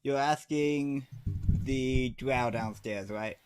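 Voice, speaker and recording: A man running a tabletop game as game master, describing scenes in a plain, unhurried way. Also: medium pitch, a little mellow, clear, resonant tone.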